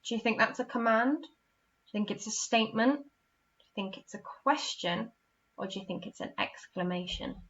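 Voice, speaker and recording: English woman primary teacher, bright and encouraging, lo-fi home lesson recording. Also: fairly high pitch, normal speed. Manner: clear, encouraging, acts out example sentences with expression. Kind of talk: recorded online lesson for young children.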